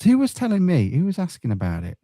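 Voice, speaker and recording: A man's voice: high-pitched, wildly swooping pitch, quick pace, mellow, dry recording, studio quality. A man, co-hosting a podcast in a casual, wry football chat and reading out listener comments. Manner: wry, laid-back, reads listener comments. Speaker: podcast co-host.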